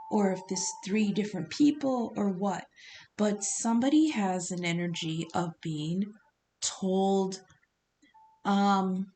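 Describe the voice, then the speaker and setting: A woman's voice: medium pitch, darkish tone, a little hiss or hum, low-quality recording. A woman giving a casual tarot reading on her own channel, talking in a rambling, conversational way and swearing now and then. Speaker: tarot reader.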